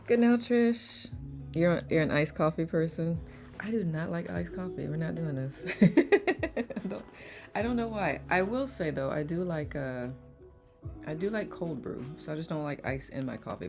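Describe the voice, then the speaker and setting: Woman livestream host, calming voice, low gravelly tone, music behind. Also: moderate pace. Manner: warm greetings to viewers by name, chatty and relaxed. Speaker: live-stream host of a letting-go study group. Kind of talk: casual livestream greeting chat.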